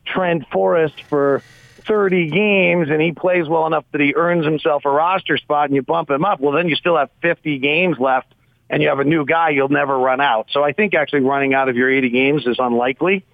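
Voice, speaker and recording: A man's voice: on the high side, steady tone, brisk, no room sound. Rambling man analysing basketball over a phone line. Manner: rambling, thinking aloud with fillers. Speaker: team radio broadcaster, guest. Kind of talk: casual sports radio analysis.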